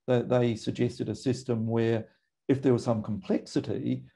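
A middle-aged Australian man, a GP, speaking in a measured, thoughtful way with frequent pauses and ums. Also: medium pitch, flat delivery, vocal fry, dark tone, breathy edge. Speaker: GP and medical association guest. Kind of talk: recorded conversation.

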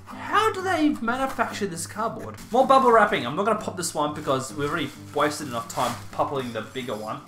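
A man's voice: a little high, sing-song, fairly quick, hardly any pauses, fairly bright tone. A young man chatting casually through an unboxing, with playful, self-mocking asides. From Australia. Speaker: YouTuber. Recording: roomy echo, faint music.

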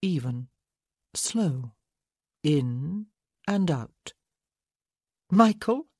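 An audiobook narrator reading a romance novel in a measured way. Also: medium pitch, lively intonation, darkish tone, no echo, studio quality. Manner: slow, measured. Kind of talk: scripted narration.

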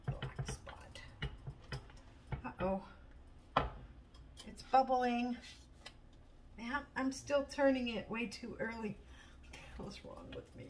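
A woman chatting casually while cooking at home in her kitchen, chatty and self-mocking, laughing often. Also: medium pitch. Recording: distant mic with steady background noise.

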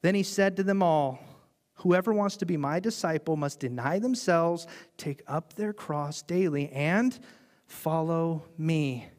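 A man preaching a sermon as pastor, telling the story in an animated way and briefly acting out the voices of the people in it. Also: high-pitched, a little slow. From United States.

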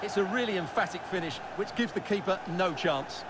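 A man's voice: high-pitched, expressive, fairly quick, heavy background noise. A man voicing an analytical football co-commentator in a video game, explaining the replays. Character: analytical male football pundit.

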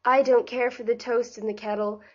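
A woman's voice: fairly high pitch, little pitch movement, moderate pace, muffled recording, natural voice. A woman reading the part of a bored, discontented rich young woman, with a languid, weary delivery.

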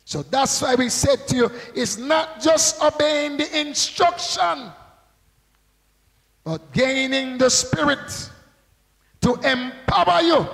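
High-voiced, gravelly man preaching slowly. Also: fairly bright tone, in a large hall, poor audio. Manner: call-and-response preaching with rhetorical questions. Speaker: pastor. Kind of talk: sermon.

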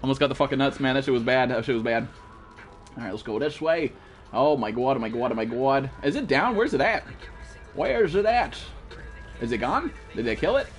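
A man streaming a survival game live, cursing and yelling to his chat and teammates for help, then reading out donations. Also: mid-range voice, expressive, fairly quick, faint music behind. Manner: panicky, profane, yelling for help. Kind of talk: live gameplay commentary.

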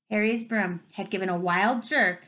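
A woman's voice: medium pitch, a bit bright, rough recording. A woman reading a novel aloud, telling it expressively and rising with the action. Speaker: reader.

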